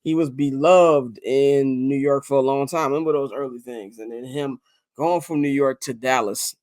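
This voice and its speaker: Lively man hosting a sports chat. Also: mid-range voice, normal speed, dry recording, studio quality. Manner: animated, fillers and restarts, leads the discussion. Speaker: podcast host. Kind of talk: casual sports talk.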